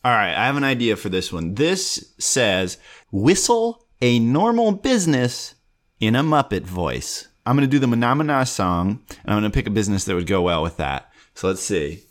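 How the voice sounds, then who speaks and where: A man's voice: medium pitch, normal speed. Playful young man hosting a podcast. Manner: playful, animated, jokey asides. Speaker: podcast host. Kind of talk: solo comedic podcast chat.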